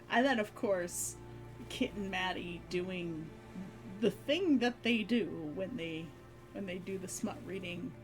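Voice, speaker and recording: A woman streamer chats casually at an unhurried pace, rambling and breaking into giggles between phrases. Music plays clearly underneath her voice. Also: medium pitch. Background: background music.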